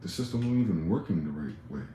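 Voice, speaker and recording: Brief: deep, mellow-voiced man, heated sarcastic profane rant, roomy echo. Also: animated, fast, a little hiss or hum. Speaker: commentary vlogger. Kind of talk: ranting political commentary.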